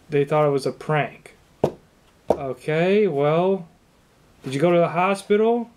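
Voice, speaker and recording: A young man improvising one side of a phone call as a shoemaker, asking a customer question after question in an incredulous, deadpan, mock-supportive way. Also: a little high.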